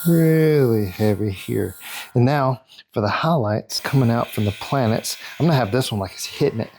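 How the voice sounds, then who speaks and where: A man's voice: medium pitch, animated, moderate pace, a little mellow, a little hiss or hum. A man hosting a casual airbrush painting tutorial, talking to himself as he works and counting out his steps. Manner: chatty, self-talk while working, counts out steps. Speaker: airbrush artist and tutorial host.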